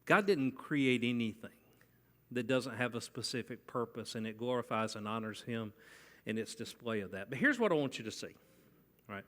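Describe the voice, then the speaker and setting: A man's voice: medium pitch, animated, moderate pace, a bit bright. A man preaching a sermon in a conversational way, often asking the congregation questions. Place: church sanctuary. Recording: long church hall reverb.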